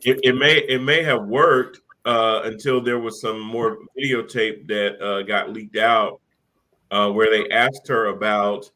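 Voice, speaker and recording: Bright-voiced man, amused political chatter. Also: on the low side, steady tone, unhurried, rough recording. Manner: rambling, incredulous, amused. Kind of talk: casual political chat.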